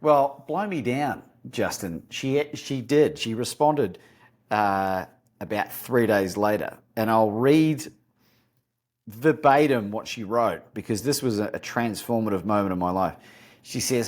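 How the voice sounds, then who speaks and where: An Australian man, a podcast guest and courage coach, telling lively stories in an interview and acting out the phone calls he recounts. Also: fairly low pitch, unhurried. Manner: animated storyteller, acts out phone calls. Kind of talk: storytelling interview talk.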